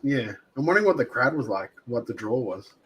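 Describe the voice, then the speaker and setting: Aussie co-host, wry banter, faint noise behind. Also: male voice, mid-range voice, sing-song, fairly quick, low-quality recording. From Australia. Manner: wry, swears, laughs often. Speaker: podcast co-host. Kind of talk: casual chat.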